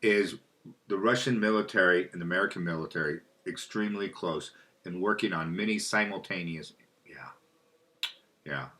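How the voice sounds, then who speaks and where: A man's voice: deep voice, normal speed, pushed and bright. A man talking in a rambling monologue, often losing his thread and asking questions aloud, then answering them himself. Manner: rambling, loses track, asks dowsing questions aloud. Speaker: spiritual video host.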